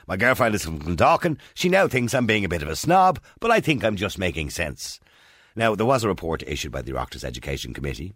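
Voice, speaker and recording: A man in his sixties with a mild Dublin accent, talking to listeners on a radio phone-in. His low voice swings up and down a lot as he puts question after question. The studio sound is close and dry. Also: fairly bright tone, no echo. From Ireland. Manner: chatty, rhetorical questions, mimics accents. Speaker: radio presenter. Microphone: studio microphone.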